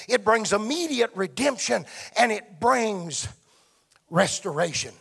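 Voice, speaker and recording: A man's voice: high voice, lively intonation, unhurried, gravelly, fairly bright tone, breathy edge. A man preaching a sermon with emphatic delivery that swells and drops. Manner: emphatic, rising and falling delivery.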